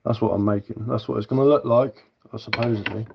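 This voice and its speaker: Southern english bloke chatting on a live stream while he carves, low-ish voice, laid back, answering comments. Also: quick pace, vocal fry, breathy edge, highs cut off. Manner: relaxed, rambling, answers viewer comments while working. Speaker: live streamer carving wood. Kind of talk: casual live-stream chat.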